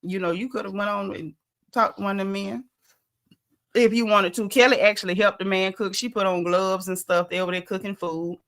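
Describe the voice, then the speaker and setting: A woman's voice: mid-range voice, fairly even intonation, brisk, fairly bright tone. A woman hosting a live stream, chatting casually and bluntly about a reality show and greeting viewers in the chat. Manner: chatty and opinionated, heavy on "you know" and "like".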